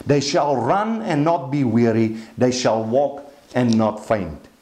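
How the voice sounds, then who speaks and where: A man's voice: medium pitch, lively intonation, slow pace, darkish tone, echoey room. A pastor giving a sermon, reading scripture aloud and explaining it, often restarting his words. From Africa. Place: church hall.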